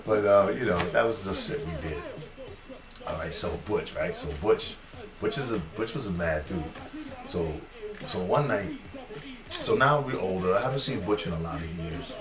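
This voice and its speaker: A deep-voiced man tells a story from his youth, his pitch swinging widely as he gets into it. He laughs at his own jokes and acts out the other people. The room is echoey, with a crowd murmuring behind him. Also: expressive, normal speed. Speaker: comedian telling a story. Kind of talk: casual storytelling.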